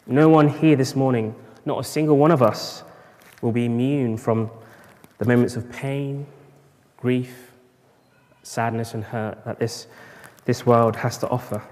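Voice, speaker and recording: Preacher in an echoing hall. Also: male voice, mid-range voice, a little mellow. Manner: rhetorical, builds up in bursts of emphasis. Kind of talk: sermon. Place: church at a morning service. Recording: long reverb of a large church hall.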